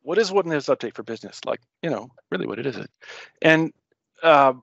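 A man's voice: fairly high pitch, lively intonation, a little fast, vocal fry, fairly bright tone, husky, dry recording, highs cut off. A man giving a casual technical talk to a user group over a video call, rambling and self-interrupting with frequent jokes.

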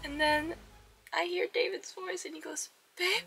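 A young adult woman chats straight to her viewers in a casual vlog, her voice bright and forward with a gravelly fry at the ends of phrases. She tells a story in an animated way, sometimes sinking to a hushed whisper for suspense. Faint music sits under her voice. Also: very high voice, moderate pace, poor audio. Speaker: vlogger.

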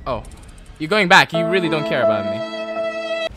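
A man giving casual gameplay commentary, excitable and jokey, talking to the game characters and yelling at sudden moments. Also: fairly high pitch, unhurried, pauses often, soft background music. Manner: jokey, mock-sarcastic. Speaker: gameplay video creator.

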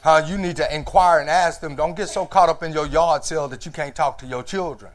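High-voiced preacher, rising to shouts. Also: male voice, brisk. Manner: preaching with rising shouts and call-outs of "Huh?". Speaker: pastor. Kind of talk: sermon. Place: church.

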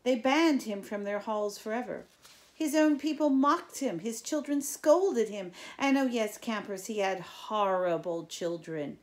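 A woman voicing a sinister, spiteful old male king who talks slowly and slyly, dropping to a croaking, menacing whisper and barking sudden orders. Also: medium pitch, voice pushed up, close to an everyday voice. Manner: slow, sly storytelling with sudden loud orders.

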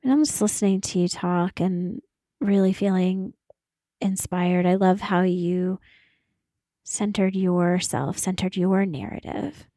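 A woman's voice: on the low side, fairly even intonation, slow pace, dark tone, dry recording, studio quality. A woman co-hosting a podcast who answers in a thoughtful, affirming way and searches for her words as she talks. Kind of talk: conversational podcast talk.

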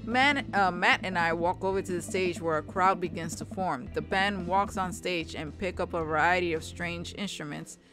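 A young woman casually commenting on a video game as she reads its dialogue aloud, chatty and quick to react. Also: lowish voice, over music. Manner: chatty, reacts with laughs and exclamations. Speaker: let's play gamer.

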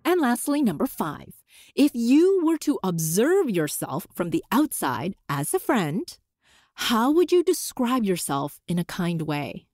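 A woman hosting a solo podcast, coaching listeners in an encouraging, animated way with playful voice shifts. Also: mid-range voice, unhurried, no room sound, studio quality. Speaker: podcast host.

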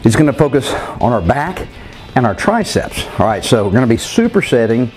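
Faint music plays behind a very animated, slightly fast, somewhat mellow man with a mid-range voice who coaches a home workout. He explains the moves directly to his viewers, calling them "guys" and counting reps aloud.

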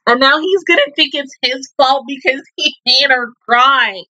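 A woman's voice: high-pitched, moderate pace, sharp tone, low-quality recording. A woman hosting an anime reaction video, rambling emotionally in casual commentary and swearing freely.

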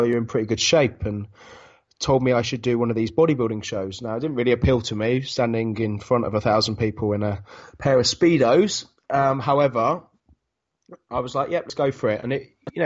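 A man from Britain, a guest on a podcast, telling his story at a measured pace with many "you know"s. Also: mid-range voice, highs cut off. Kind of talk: interview answers.

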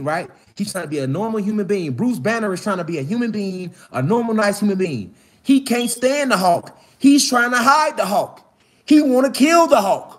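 A man giving a fired-up, profane, slangy preaching monologue outdoors in the mountains, often rising to shouts. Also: very high voice. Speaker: spiritual commentator.

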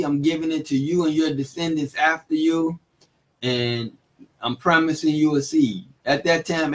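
Chuckling often, a man reads Bible verses and retells them in plain, everyday speech, teaching in a laid-back way. He has a fairly high-pitched voice, and the recording quality is low.

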